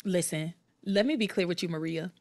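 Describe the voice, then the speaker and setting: Speaking fairly quickly in a low, gravelly voice, a woman podcast host recaps and rants casually. She comes across as animated and exasperated, rambling with lots of restarts.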